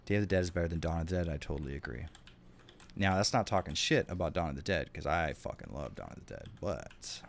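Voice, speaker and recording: Low-voiced swearing male streamer. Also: lively intonation, quick pace, creaky, slight background noise. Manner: chatty, swears a lot, reacts to chat. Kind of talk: casual gameplay stream chat.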